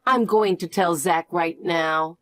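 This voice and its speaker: A woman's voice: on the low side, slow, fairly bright tone, no room sound, soft background music, pitched below the performer's own voice. A woman voicing a loving, tearful middle-aged foster mother in a scripted story reading. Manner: emotional, gushing.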